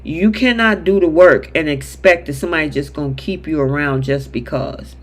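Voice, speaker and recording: A man with a high voice runs a live soap recap chat. He talks in a casual, animated way, reading out viewer comments and acting out the characters' lines as he goes. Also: moderate pace. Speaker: show host.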